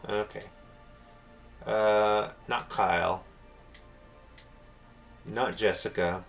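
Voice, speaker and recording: A man's voice: on the low side, animated, measured pace, long pauses, fairly bright tone. A man commenting wryly as he plays through a game and reads its dialogue. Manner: wry, amused asides. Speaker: let's player. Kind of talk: game commentary reading aloud. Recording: game music behind.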